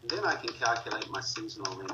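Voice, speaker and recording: A man's voice: lowish voice, animated, quick pace. A man teaching a class, talking through each step of a screen-recorded spreadsheet tutorial with frequent fillers as he clicks along. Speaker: instructor. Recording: distant mic with faint noise.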